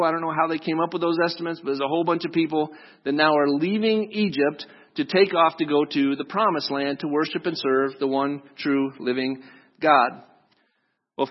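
A male preacher retelling a story in a sermon, conversational and joking, with asides to his listeners. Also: fairly high pitch. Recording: dull lo-fi recording.

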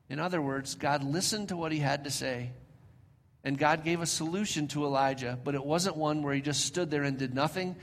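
A fairly high-voiced man preaches a sermon, rising to loud emphatic peaks, then sinking to soft, near-whispered lines. He slows down to read scripture aloud. His voice rings out with a long reverb, as if in a large hall. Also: slight background noise. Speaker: pastor.

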